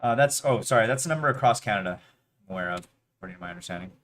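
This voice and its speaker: A man's voice: lowish voice, expressive, rapid-fire, fairly bright tone. Muttering man streaming his workday. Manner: muttering to himself while he works, half-finished phrases; pleads aloud with an online chess opponent. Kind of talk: casual livestream commentary.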